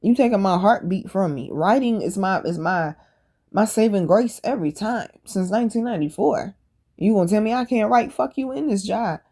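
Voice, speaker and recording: Animated woman telling a profane story. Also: medium pitch, moderate pace. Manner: animated, profane, laughs while telling stories. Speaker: podcast host. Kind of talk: casual storytelling monologue.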